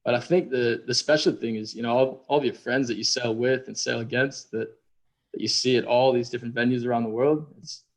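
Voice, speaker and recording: A man from Minnesota, a guest sailor, talking in a relaxed, self-deprecating way full of "you know". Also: medium pitch, brisk. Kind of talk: casual conversation.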